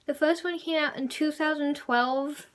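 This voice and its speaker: A young woman vlogging a casual trailer reaction, rambling and excitable with lots of fillers. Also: high-pitched, measured pace.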